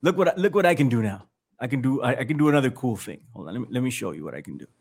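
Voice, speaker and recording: A man hosting a podcast in casual chat, animated and jokey, laughing often as he riffs. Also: medium pitch, racing, husky. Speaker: podcast host.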